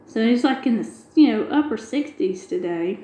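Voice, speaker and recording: A woman's voice: fairly high pitch, expressive, normal speed, warm tone, reverberant, poor audio. A middle-aged woman, chatting casually and retelling a long everyday story with quoted dialogue. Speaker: craft video host. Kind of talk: casual chat while diamond painting.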